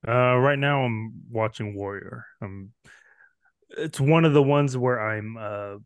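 A man's voice: mid-range voice, slow, clear, resonant tone, no echo. A man guest in casual podcast chat, shy and hesitant with brief answers.

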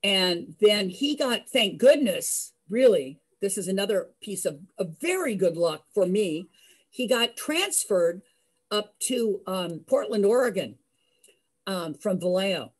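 An older woman telling a personal story in a lively way, acting out the voices of the people in it. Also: medium pitch, a little slow, husky. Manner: lively, acts out voices, laughs. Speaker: storyteller host.

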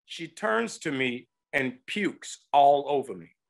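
A man telling a funny story as an interview guest, lively and laughing, acting out the voices of people in it. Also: medium pitch, takes it slowly, gravelly. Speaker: guest actor. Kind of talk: animated anecdote telling.

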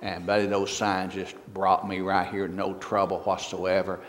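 A guest preacher delivers a sermon in a church sanctuary, folksy and joking, and his voice grows louder and higher whenever he reads scripture. His delivery is otherwise completely flat and a little slow. The recording carries long church reverb and slight background noise.

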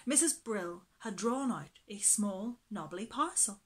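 A woman reading a children's story aloud, slow and gentle. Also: mid-range voice, lively intonation, slightly rough.

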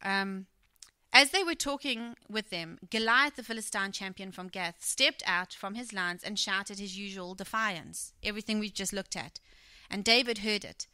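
A middle-aged woman delivers a sermon in an animated storytelling manner. Her tone is bright and forward, the sound dry and close. She slips into the voices of the people she quotes. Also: mid-range voice, normal speed, clear, resonant tone, dry recording. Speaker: preacher.

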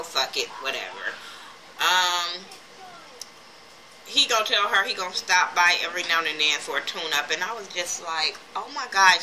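Woman recapping, bright and blunt. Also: on the low side, low-quality recording. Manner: blunt, profane, animated retelling with quoted voices. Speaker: TV episode reviewer. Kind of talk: casual recap vlog.

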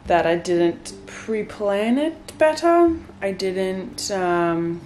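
A young woman vlogging to her viewers from a bright white bedroom, talking candidly and a little wearily as if on a casual video chat. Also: mid-range voice, sing-song, extremely slow, slight background noise. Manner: tired, candid and rambling. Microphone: phone camera, close. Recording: faint guitar music underneath.

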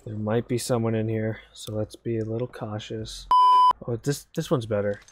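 A gaming video creator giving live commentary while playing, with profane, self-mocking banter that swings into loud, panicked pleading. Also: mid-range voice, level tone, moderate pace.

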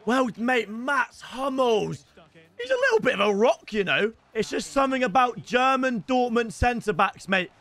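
A young man commentating live on his own gameplay as a streamer, excitable and swinging between hype and groans. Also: extremely high pitch, normal speed. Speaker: gaming streamer.

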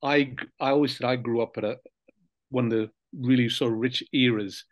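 Older man reminiscing in relaxed tones. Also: mid-range voice, fairly quick, dry recording. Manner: relaxed, reflective storytelling with frequent fillers and soft laughs. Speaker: interview guest, former footballer. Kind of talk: casual reminiscing interview.

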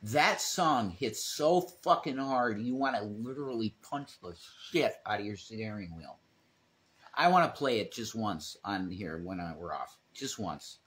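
A man's voice: on the low side, expressive, measured pace, fairly bright tone. Rambling, foul-mouthed man on a livestream. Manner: rambling, swears freely, reads chat aloud. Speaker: livestream co-host. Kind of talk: casual livestream chat.

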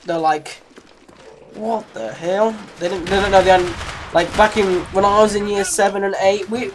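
Against a noisy background, a gaming channel host in their late teens talks over gameplay in an English accent. The mid-range voice keeps a fairly even intonation at normal speed, while the chatter rambles along with giggly asides.

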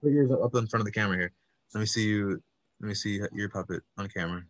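A man's voice: on the low side, fast. A man instructing an online puppetry workshop over a video call, patient and encouraging as he explains step by step.

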